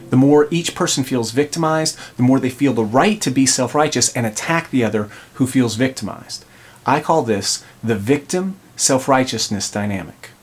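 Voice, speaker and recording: Man telling a relationship-coaching story. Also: medium pitch. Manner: conversational, acts out quotes. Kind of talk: storytelling talk.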